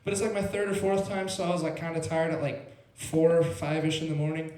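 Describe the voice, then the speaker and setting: A young male comic rambles through a laid-back stand-up story, his voice sitting a little high. The sound is roomy, like a small club. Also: little pitch movement, a little fast, darkish tone. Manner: rambling, laid-back, heavy on filler "like" and "bro". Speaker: open mic comedian.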